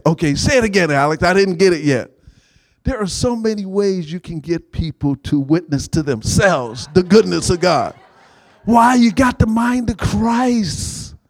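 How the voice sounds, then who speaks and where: A man preaching an energetic sermon, rousing the congregation with call-and-response and dropping into soft, playful asides. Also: a little high, no room sound. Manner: exuberant, rousing, playful, switches to soft intimate tone.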